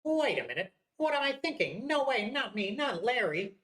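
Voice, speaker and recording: A jilted husband whines in a high, pleading voice, as a gamer puts him on. His pitch swoops all over and he stretches his words out in dismay. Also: very animated, moderate pace, fairly bright tone, roomy sound. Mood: musing. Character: whiny lovesick man, jilted husband.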